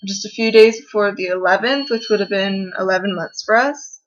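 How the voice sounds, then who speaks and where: A young woman talks into a camera mic in her bedroom, her confessional vlog full of fillers, restarts and halting turns. She sounds upset and close to tears. The recording is a little dull and lo-fi. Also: mid-range voice. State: tearful, upset. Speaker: vlogger.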